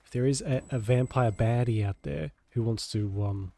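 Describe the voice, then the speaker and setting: A man's voice: medium pitch, normal speed, vocal fry, mellow. Nasal-voiced sick man chatting over gameplay. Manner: laughing, joking, swearing. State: sick, congested from a cold. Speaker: streamer. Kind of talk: casual gameplay commentary.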